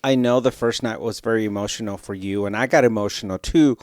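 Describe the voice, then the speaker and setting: A man's voice: on the low side, fast, a little mellow, no echo, studio quality. A man co-hosting a podcast in casual chat, playful and goofy. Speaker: podcast co-host.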